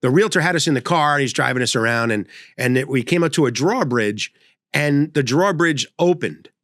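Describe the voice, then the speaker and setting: A man's voice: mid-range voice, animated, brisk, a bit bright, no echo, clean studio sound. An older man hosting a comedy show, telling rambling stories that interrupt themselves. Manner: rambling, self-interrupting storyteller. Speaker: comedy host. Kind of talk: storytelling comedy monologue.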